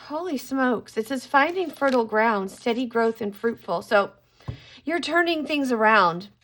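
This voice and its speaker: A middle-aged woman talks through a tarot reading in a casual, musing way. Her voice sits a little high, and she breaks into surprised exclamations as she turns cards over. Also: lively intonation, a little slow, fairly bright tone. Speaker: tarot card reader.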